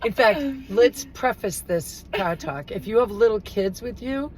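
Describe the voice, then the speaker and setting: A woman's voice: mid-range voice, a little slow, poor audio. A middle-aged woman co-hosting a casual chat in a car, telling funny stories and laughing often. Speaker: podcast co-host.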